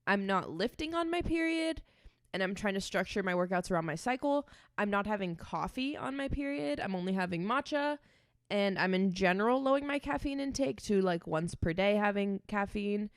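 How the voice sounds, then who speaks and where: A woman's voice: mid-range voice, brisk, clean tone, no echo, studio quality. Chatty young woman co-hosting a podcast. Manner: chatty, animated storytelling, swears freely. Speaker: podcast co-host. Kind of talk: casual chat.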